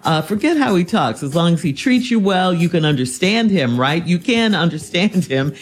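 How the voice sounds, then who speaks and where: Blunt, lively woman host giving advice. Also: lowish voice, moderate pace. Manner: blunt, incredulous, teasing. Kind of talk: reading a letter and giving advice.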